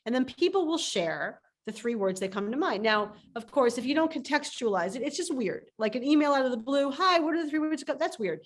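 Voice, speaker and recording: A woman's voice: on the high side, a little fast, few pauses. A woman coach speaking emphatically as a guest on a video call interview, telling stories with lots of energy. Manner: animated, emphatic storytelling. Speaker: startup coach.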